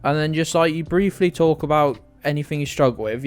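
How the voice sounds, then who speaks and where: A man's voice: mid-range voice, fairly even intonation, moderate pace, hardly any pauses, faint music behind. A man streaming a guessing game, rambling and self-deprecating, with plenty of swearing. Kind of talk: live-stream commentary.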